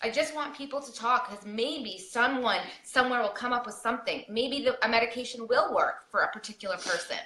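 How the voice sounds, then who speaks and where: A woman's voice: fairly high pitch, fairly quick, hardly any pauses, sharp tone, echoey room, rough recording. A woman guest on a podcast, telling a painful personal story in an earnest, pleading way with many repeated questions.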